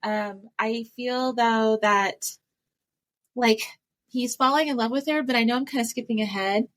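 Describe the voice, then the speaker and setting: A woman with a high voice muses on a podcast and searches for words as she goes. She pauses and restarts often. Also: a bit bright. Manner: hesitant, many fillers and restarts. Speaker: podcast co-host. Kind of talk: casual chat.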